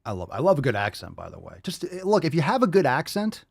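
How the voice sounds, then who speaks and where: A man's voice: fairly high pitch, sing-song, a little fast, gravelly, hardly any pauses, a little mellow, no room sound, studio quality. A man hosting a livestream podcast, ranting casually in a profane, emphatic and repetitive way. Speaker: podcast host.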